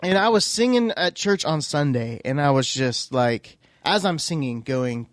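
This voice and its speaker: A man co-hosting a podcast in casual chat, an animated, self-mocking storyteller who laughs often. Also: on the high side, a little slow, few pauses, no room sound. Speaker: podcast co-host.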